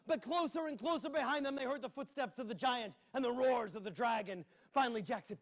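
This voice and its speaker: A man's voice: very high voice, a little fast, hardly any pauses. A man telling a playful tale to children at a library, with sound effects and asides. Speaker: storyteller. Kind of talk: live storytelling for children. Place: public library.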